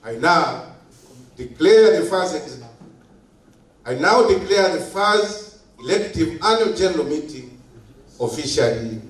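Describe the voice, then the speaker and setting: A man giving a formal opening speech at a meeting, slow and emphatic, repeating his key phrases. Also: a little high, lively intonation. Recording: echoey hall, heard from a distance.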